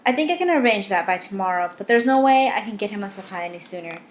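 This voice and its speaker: A woman's voice: mid-range voice, lively intonation, quick pace, roomy sound, slight background noise, natural voice. A woman reading the part of an eager male gadget maker in an audiobook, in close to her own voice.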